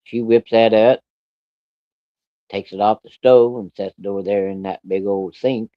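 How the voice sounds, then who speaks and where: A man's voice: on the low side, steady tone, a little slow, dry recording, highs cut off. A man telling a personal story in a casual, plainspoken way, with plenty of profanity. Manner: plainspoken, profane, vivid retelling.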